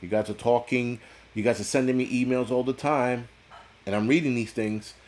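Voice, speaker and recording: A man's voice: mid-range voice, fairly even intonation, normal speed, a little mellow. A man hosting a casual livestream, reading viewer chat and ranting bluntly, with constant swearing and rambling asides. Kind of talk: casual profane livestream rant.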